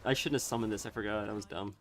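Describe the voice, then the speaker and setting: A man's voice: on the low side, steady tone. Rambling man chatting while gaming. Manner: rambling, thinking aloud, quick to laugh. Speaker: streamer. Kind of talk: casual chat while gaming.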